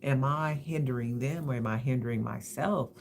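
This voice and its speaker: A woman in her fifties from Los Angeles, talking reflectively on a livestream, halting and repeating words as she gathers her thoughts. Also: very deep voice, creaky. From Los Angeles, USA. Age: 50s. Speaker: livestream host. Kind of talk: reflective personal talk.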